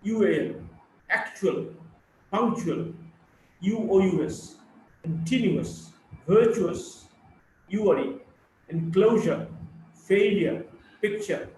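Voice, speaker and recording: A man teaching a live phonetics class, slowly drilling word lists and explaining stress rules. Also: high-pitched, a little mellow, far from the mic, slight background noise. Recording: echoey room, voice from afar.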